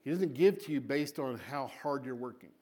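A man preaching a sermon to a congregation. He tells the story dramatically, repeats words for emphasis, and swings between loud and soft. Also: mid-range voice, animated, moderate pace. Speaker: pastor.

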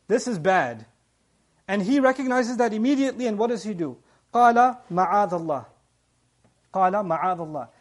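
A man's voice: very high-pitched, darkish tone. A man giving a nightly sermon, telling the story with animation, acting out the dialogue and explaining what words mean. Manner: explains word meanings in detail. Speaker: preacher.

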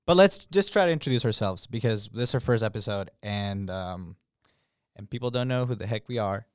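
A man's voice: fairly low pitch, expressive, brisk, clear, resonant tone, no echo, studio quality. A young man co-hosting a podcast in casual chat, hesitant and full of fillers. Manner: hesitant, lots of fillers and laughs. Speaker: podcast co-host.

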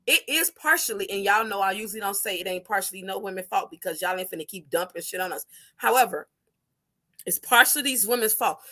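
A woman's voice: fairly high pitch, bright, forceful tone. A woman co-hosting a casual podcast, speaking bluntly with profanity. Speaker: podcast co-host. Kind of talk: casual opinionated chat.

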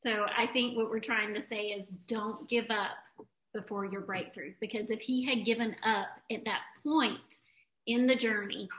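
A woman's voice: mid-range voice, steady tone, moderate pace, fairly bright tone, reverberant, rough recording. A woman co-host speaking earnestly and affirmingly about pushing through. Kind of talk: motivational speaking.

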